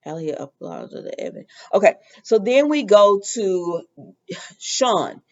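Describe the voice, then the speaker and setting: A woman's voice: mid-range voice, expressive, slow pace, creaky. Woman rambling through a soap recap, lots of um and you know, kinda muffled audio. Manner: chatty and opinionated, many fillers. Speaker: soap opera recap host. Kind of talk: casual recap vlog.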